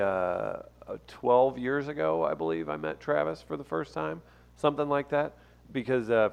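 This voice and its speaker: A man's voice: fairly low pitch, gravelly, clean tone. A man hosting a podcast, telling wry stories and teasing his co-hosts. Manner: wry teasing storyteller, laughs often. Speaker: podcast host. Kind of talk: casual podcast banter.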